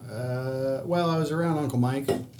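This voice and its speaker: Man, casual podcast chat, loose and profane, mid-pitched, faint noise floor. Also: moderate pace. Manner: loose, profane, many "like" fillers and mock voices.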